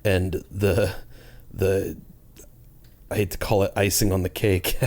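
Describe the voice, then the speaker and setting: A man's voice: sits low, flat delivery, takes it slowly, over a noisy crowd. A man co-hosting a podcast, explaining his ideas in an earnest, casual way and often saying "like". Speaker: podcast co-host.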